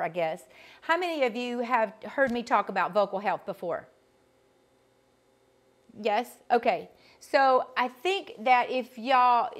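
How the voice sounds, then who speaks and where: Folksy Georgia woman vocal coach. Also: a little high. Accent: Southern US, Georgia. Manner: chatty and folksy, addresses the group directly. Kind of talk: live teaching session.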